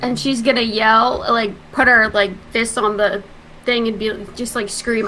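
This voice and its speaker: Woman at a tabletop game, bright kinda high voice, lots of "like". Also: unhurried, a little hiss or hum, rough recording. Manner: animated, lots of "like", swears. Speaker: player. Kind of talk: casual tabletop game talk.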